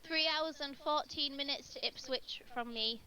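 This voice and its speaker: High, bright-voiced chatty woman. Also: normal speed. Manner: chatty, repetitive, giggly. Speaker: tabletop game player. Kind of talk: casual chat before a game.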